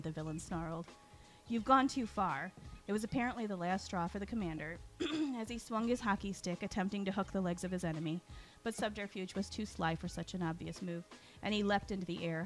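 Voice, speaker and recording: Woman reading a story over music. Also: medium pitch. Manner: lively character reading with frequent throat clearing. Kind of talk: reading a story aloud, doing character voices.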